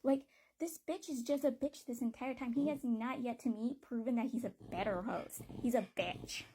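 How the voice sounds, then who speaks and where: A woman's voice: fairly high pitch, moderate pace, warm tone, breathy edge. A woman giving a casual book review, talking bluntly and with plenty of swearing and exasperation.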